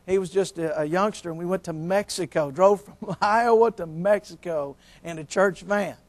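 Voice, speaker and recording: A man's voice: high-pitched, moderate pace. A middle-aged man preaching a sermon as pastor, telling folksy jokes and stories. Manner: folksy, joking, storytelling.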